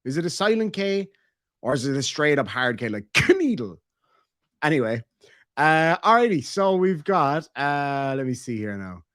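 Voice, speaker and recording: A man's voice: a little high, very animated, normal speed, a bit bright, clean tone, dry recording, studio quality. Joking Irish man reading chat. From Ireland. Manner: joking, crude, rambling. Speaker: streamer host reading member messages. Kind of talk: casual reaction stream chat.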